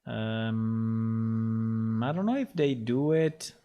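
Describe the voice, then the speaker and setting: A man's voice: lowish voice, fairly even intonation, extremely slow, lo-fi sound. A man casually talking through his game development work on a livestream, rambling and muttering to himself as he goes. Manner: rambling, talks to himself, gets frustrated and swears.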